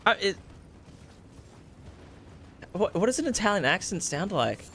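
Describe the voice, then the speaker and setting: A man streaming a video game, giving excitable live commentary, swearing freely and laughing often. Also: sits high, unhurried, slight background noise. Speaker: gaming streamer.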